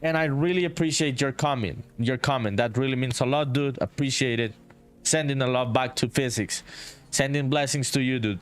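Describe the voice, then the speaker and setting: A man from Honduras, chatting casually on a game-development livestream, reading viewer messages aloud and saying "dude" a lot. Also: medium pitch. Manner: laid-back, reads viewer chat aloud, says "dude" often. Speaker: indie game developer streaming. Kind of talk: casual livestream chat while working.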